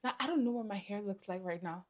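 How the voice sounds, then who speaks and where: A woman's voice: mid-range voice, quick pace, a little mellow. A woman vlogging casually to camera, venting in a tired, exasperated way while hungry. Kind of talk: casual storytime vlog. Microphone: camera mic facing a monitor.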